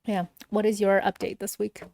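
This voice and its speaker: A woman's voice: medium pitch, little pitch movement, normal speed, creaky, darkish tone. A woman in her twenties, co-hosting a podcast in casual chat, hesitant and full of fillers. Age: 20s. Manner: hesitant, filler-heavy, laughs easily. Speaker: podcast co-host.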